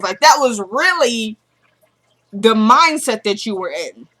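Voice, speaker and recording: Eine Frau mit Südstaatenakzent, die locker eine Serienfolge nacherzählt und die Figuren mit tieferer Stimme zitiert. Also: female voice, very animated, unhurried, sharp tone. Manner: retells scenes, quoting characters in a lowered voice. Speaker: TV episode recap vlogger. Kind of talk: casual recap chat.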